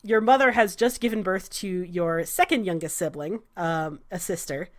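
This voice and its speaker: A woman narrating a tabletop game as game master, halting with frequent fillers. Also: fairly low pitch. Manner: hesitant, many fillers.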